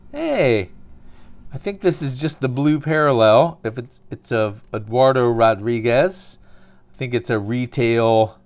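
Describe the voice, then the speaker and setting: A man casually narrating a card opening, calling out cards and telling dry, absurd little stories between pulls. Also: fairly low pitch.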